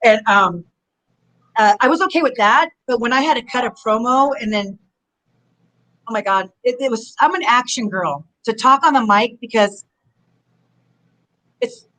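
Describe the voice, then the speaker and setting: Heard through a low-quality recording, a middle-aged Southern California woman with a slightly high voice is a guest on a casual video-call interview. A former wrestler, she rambles through her stories with animated flair.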